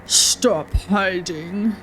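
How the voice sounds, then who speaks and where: A woman's voice: fairly low pitch, very slow, a bit bright, a little hiss or hum, voice pushed down. A woman voicing a stern, suspicious male bus conductor who gives cold, commanding orders.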